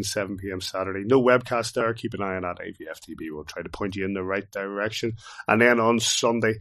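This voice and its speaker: Low-voiced podcast host. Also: male voice, fairly bright tone, no echo. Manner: brisk announcer-style listings of fixtures. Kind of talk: casual sports podcast chat.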